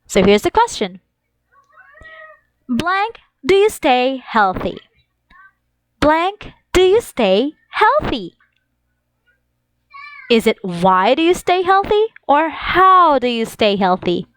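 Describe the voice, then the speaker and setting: A woman teaching an English lesson to young children, reading examples slowly in an exaggerated sing-song way. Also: sits high, big pitch swings, fairly bright tone, dry recording.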